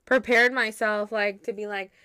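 A young woman co-hosting a podcast in casual chat, talking with lots of "like" and retelling stories in an animated way. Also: mid-range voice, normal speed, clean tone, no echo, clean studio sound. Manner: chatty, heavy use of "like", animated retelling. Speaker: podcast co-host.

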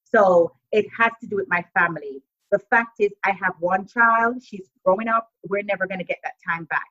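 Recorded in dull lo-fi audio, a Jamaican woman with a mixed Jamaican and American accent appears as an entrepreneur guest on a podcast. Her mid-range, slightly bright voice moves at a moderate pace as she gives motivational interview talk, speaking emphatically and repeating her key phrases.

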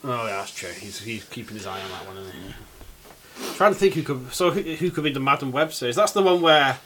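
A man's voice: mid-range voice, animated, a little fast, a bit bright, a little hiss or hum. A man co-hosting a casual podcast, swearing a lot and slipping into silly voices as he chats. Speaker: podcast co-host. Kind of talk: casual chat.

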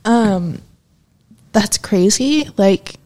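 A woman's voice: mid-range voice, expressive, very slow, a little mellow. A woman hosting a casual podcast chat, reacting to a story with short exclamations.

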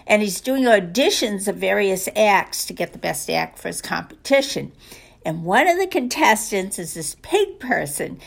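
A woman's voice: mid-range voice, vocal fry. A woman coach talking casually and enthusiastically, retelling a favorite story with a motivational message.

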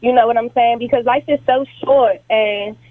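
A woman's voice: fairly high pitch, fairly even intonation, normal speed, dry recording. A woman in her twenties calling into a radio show from a hair salon, emotional and rambling. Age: 20s. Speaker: caller. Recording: tinny phone line.

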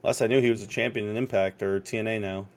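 A man's voice: lowish voice, steady tone, fast talker. A man co-hosting a podcast in casual chat, laid-back with dry comebacks. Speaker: podcast co-host.

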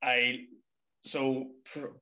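A man's voice: mid-range voice, drawn-out words, poor audio. A man talking casually on a podcast, his voice sitting in an ordinary middle register. He tells stories with energy, lifting his voice well above it whenever he acts out someone else's words. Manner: animated storyteller acting out quotes. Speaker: podcast guest, trainee wrestler. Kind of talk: casual chat.

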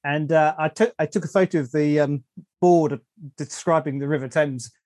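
A man's voice: on the high side, fairly even intonation, moderate pace, darkish tone, dry recording, studio quality. An English man hosting a podcast interview, enthusiastic and often repeating words as he thinks. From England. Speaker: host.

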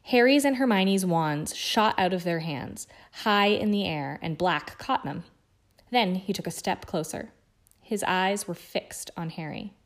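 A woman guest reader narrating a novel chapter aloud in a measured, hushed way. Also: lowish voice.

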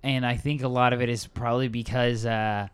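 A young man gives blunt, opinionated takes as a podcast co-host. His voice is smooth and clear, with a middle pitch. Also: level tone, a little fast. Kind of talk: casual film review chat.

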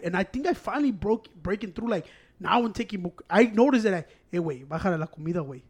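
A young man with a high voice for a man. He talks in loose, rambling casual chat. He swears a lot and drifts back and forth between Spanish and English. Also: lively intonation, fast talker, husky.

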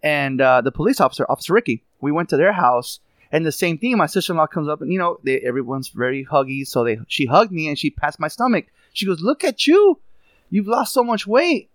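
A man hosting a podcast, telling funny stories in a lively, laughing way and dropping in Spanish words. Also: a little high, fast, few pauses, dry recording. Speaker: podcast host. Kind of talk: casual chat, storytelling.

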